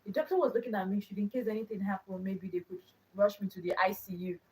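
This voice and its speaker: A woman's voice: mid-range voice, fast, mellow, far from the mic, rough recording. Earnest young woman telling a personal story. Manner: earnest, repeats phrases for emphasis. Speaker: channel host.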